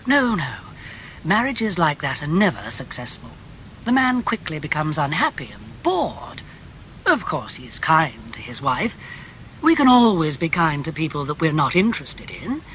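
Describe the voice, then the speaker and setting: A man voicing a worldly, cynical older gentleman who speaks slowly and soothingly. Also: on the high side, very animated, muffled recording, a little hiss or hum, exaggerated voice. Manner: slow, smooth and soothing.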